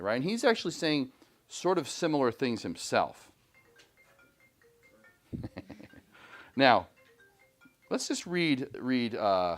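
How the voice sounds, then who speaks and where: A man teaching a high school English class, chatty and full of questions to the students. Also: fairly bright tone. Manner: chatty, questioning, frequent "right?". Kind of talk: classroom lecture and discussion.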